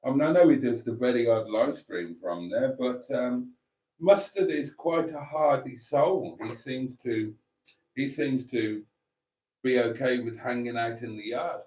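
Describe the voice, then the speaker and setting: A man's voice: mid-range voice, unhurried, a little mellow. A man hosts a casual livestream, chatting and rambling with many ums and restarts as he reads out viewer comments. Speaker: YouTube channel host.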